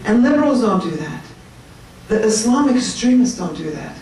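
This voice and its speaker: A woman giving an animated, chatty talk to a room of people, joking with her audience. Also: on the high side, moderate pace. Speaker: speaker at a political meetup. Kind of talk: lively speech to a crowd. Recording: echoey room, mic at a distance.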